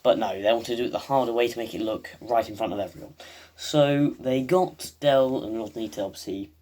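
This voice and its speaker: A man's voice: mid-range voice, a little fast, a little mellow. A man hosting a video, giving a rambling, casual recap of a TV episode full of "um" and "like". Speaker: video host.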